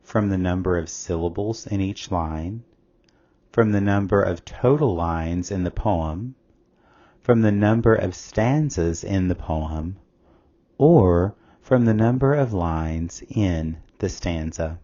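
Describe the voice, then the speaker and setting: A man reading a scripted test-prep lesson as a tutor, reading questions and answer options aloud in a measured way. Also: deep voice, lively intonation, warm tone, lo-fi sound.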